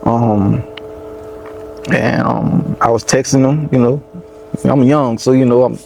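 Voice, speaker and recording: Mellow-voiced young Louisiana rapper. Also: male voice, mid-range voice, steady tone, slow, gravelly. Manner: loose, rambling, lots of "you know what I'm saying". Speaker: rapper being interviewed. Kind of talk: casual storytelling interview. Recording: faint background noise.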